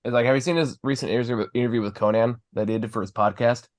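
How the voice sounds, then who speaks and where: Man, mid-pitched voice, relaxed co-host in a casual chat who laughs easily. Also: racing. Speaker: film review co-host.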